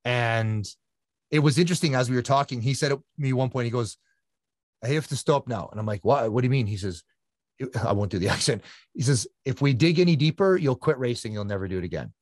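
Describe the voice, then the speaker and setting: A man's voice: mid-range voice, brisk, dry recording, clean studio sound. A man, a guest endurance athlete, telling his personal story in an earnest, reflective conversational way, often repeating phrases for emphasis.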